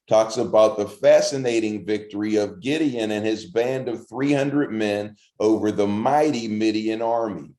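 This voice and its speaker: A man giving a short devotional sermon as a pastor, earnest and encouraging, slowing down when he reads scripture. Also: medium pitch, mellow, roomy sound.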